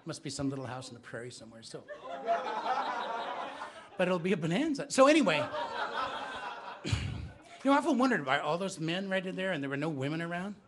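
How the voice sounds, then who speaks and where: A man's voice: fairly high pitch, very animated, a little fast, long pauses, noisy background. A man telling comic stories live to an audience in a bookstore, chatting with the crowd. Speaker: storyteller.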